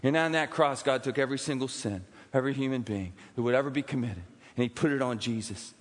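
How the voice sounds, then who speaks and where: A man preaching a sermon in a church, swinging from loud emphatic peaks to hushed, quiet asides. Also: medium pitch, quick pace, long reverb tail. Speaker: pastor. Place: church sanctuary.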